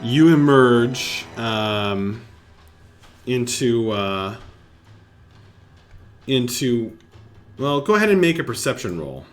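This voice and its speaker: A man's voice: medium pitch, very animated, takes it slowly, pauses often, soft background music. A man running a tabletop game as game master, narrating playfully with sound effects.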